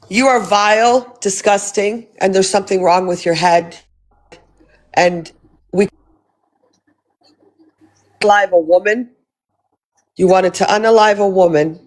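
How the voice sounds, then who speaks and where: A woman host on a livestream, indignantly condemning someone. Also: mid-range voice. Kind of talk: livestream commentary.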